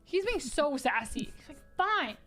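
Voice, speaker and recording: A woman with a high voice tells a funny story in casual chat, acting out each person's lines between laughs. She keeps it lively and quick. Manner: lively, acts out quotes, laughing.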